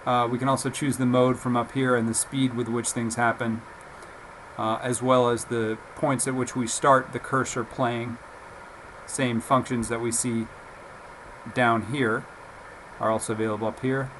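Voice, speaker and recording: A man giving a casual, relaxed software demonstration, talking haltingly with frequent fillers. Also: medium pitch, a little hiss or hum, poor audio. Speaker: software reviewer. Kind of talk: casual screen-recorded software demo.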